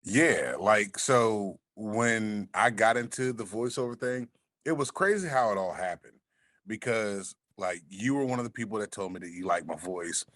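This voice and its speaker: A man with a deep, smooth voice, chatting as a podcast guest and telling a laid-back story, swearing freely. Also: expressive, normal speed, a bit bright, dry recording, clean studio sound. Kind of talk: casual chat.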